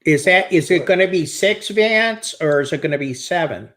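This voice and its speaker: A man's voice: on the high side, expressive, moderate pace, fairly bright tone. A man in casual chat, asking questions in a chatty, curious way.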